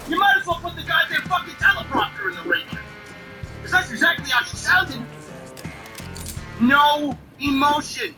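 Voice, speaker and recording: A man's voice: very high-pitched, poor audio. A man giving exasperated, sarcastic wrestling commentary, swearing heavily as he rants. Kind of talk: profane ranting commentary. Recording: voice off-mic with music behind.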